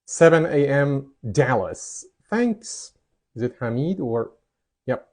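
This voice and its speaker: A man's voice: mid-range voice, big pitch swings, takes it slowly, a little mellow. A man hosting a live stream, greeting viewers around the world and reading out their chat comments. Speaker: host. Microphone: mic'd up.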